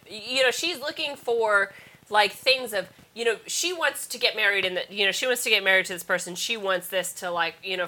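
A woman's voice: medium pitch, pushed and bright. A woman hosting a podcast, chatting casually, laughing often and acting out little quotes. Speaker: podcast host. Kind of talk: casual chat.

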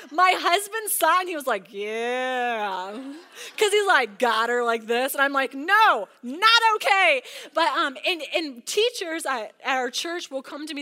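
A woman in her thirties preaching to a women's church meeting, telling a family story with animated quoted voices. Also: high voice. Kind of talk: sermon with personal story.

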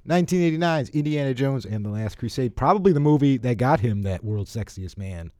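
Animated, joking man with a mellow voice. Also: mid-range voice, fairly quick, no room sound, clean studio sound. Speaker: podcast co-host. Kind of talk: casual chat about movies.

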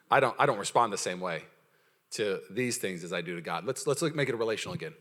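A man preaching a sermon as pastor, energetic and playful, calling out to the congregation and acting out the voices in his stories. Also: lowish voice, fast. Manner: energetic, playful preaching with audience call-outs; acts out quoted voices in storytelling.

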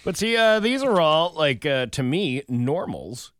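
A man's voice: a little high, big pitch swings, a little slow, a bit bright, dry recording. Playful man hosting a casual chat.

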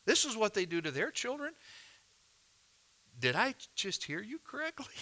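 A man's voice: high-pitched, sing-song, moderate pace, pushed and bright, pitched above the performer's own voice, heavily acted. A man voicing an anxious, bewildered elderly father who questions God in disbelief. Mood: incredulous. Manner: incredulous, questioning.

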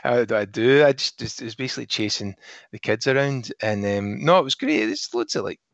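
A man's voice: medium pitch, expressive, fairly quick, gravelly, a bit bright, dry recording, lo-fi sound. A man co-hosting a podcast, chatting casually and telling rambling anecdotes with frequent laughs. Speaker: podcast co-host. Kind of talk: casual chat.

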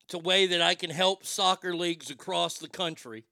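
With a high, fry-tinged voice at ordinary speed, this Texan host of a radio show rants comically, swearing and bursting out in pretend outrage. The studio audio is clean and dry.

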